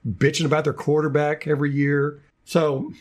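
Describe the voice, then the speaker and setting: A man's voice: fairly high pitch, flat delivery, normal speed. A man hosting a casual sports podcast, ranting with lots of repeated words and restarts. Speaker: podcast host.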